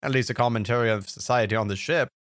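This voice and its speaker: A man's voice: mid-range voice, fast talker, a bit bright, no room sound. A man playing a tabletop role-playing game, talking in a dry, wry, slightly theatrical way. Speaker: player.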